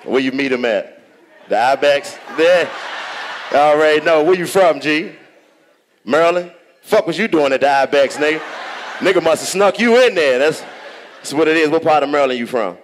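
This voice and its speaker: A man with a Washington DC accent doing stand-up, ribbing the audience with loud, profane banter. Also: fairly high pitch, normal speed, long pauses, slight background noise. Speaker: stand-up comedian. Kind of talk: crowd work stand-up. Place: large theater on stage.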